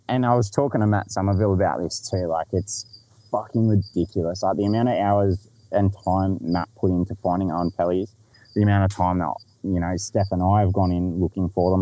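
A man's voice: deep voice, mellow. A man with an Australian accent telling a story in casual podcast chat, laid-back, swearing freely and laughing along.

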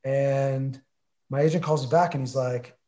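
His voice medium in pitch, dark and unhurried with fairly even intonation, a man in his forties shares a casual anecdote as an interview guest. He's chatty and filler-heavy, acting out the conversations he quotes.

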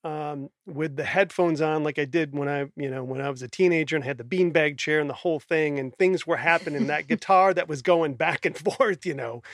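A man's voice: on the high side, a little fast, few pauses, a bit bright, dry recording. Musician guest, man, reflective, chatty fillers, dry recording. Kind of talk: casual interview answers.

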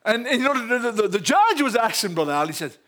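A man preaching a sermon in a folksy, animated way, laughing often between lines. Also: extremely high pitch, quick pace.

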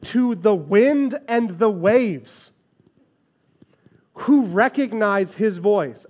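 A man in his thirties preaching a sermon in a lively, conversational way, often checking in with "right?". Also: high voice, slow. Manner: animated, conversational preaching with frequent "right?" asides. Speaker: pastor.

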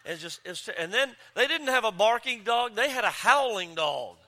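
A man preaching a sermon as pastor, joking and telling stories with lively delivery. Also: high-pitched, moderate pace. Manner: joking, animated storytelling with voices. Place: church campus.

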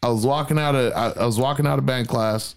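A man in his thirties telling a story in casual chat, animated and profane, acting out the quotes. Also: quick pace, gravelly, clean tone. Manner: animated, profane, acts out quotes in a mocking high voice.

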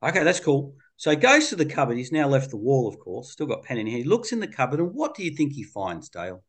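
Middle-aged male therapist, colloquial, playful, animated storyteller. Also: medium pitch, quick pace, slightly rough. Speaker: child therapist. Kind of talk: interview storytelling.

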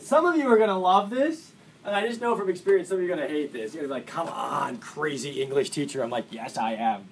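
Brief: upbeat male English teacher lecturing a classroom, slightly higher voice, keeps quizzing students. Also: mellow. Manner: enthusiastic, asks the class questions.

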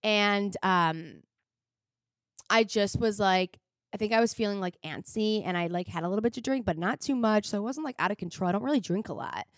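On a clean, dry studio recording, a young podcast host tells a personal story in a rambling, casual confessional way, leaning heavily on fillers. She speaks a little fast in a mid-range voice, and the telling turns emotional, sometimes tearful.

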